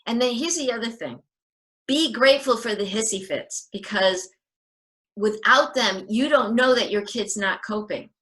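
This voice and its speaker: A woman guest on a podcast, giving parenting advice in an animated, chatty way and acting out little scenes. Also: a little high, normal speed, poor audio. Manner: animated, gives advice and acts out short scenes. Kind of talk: casual advice chat.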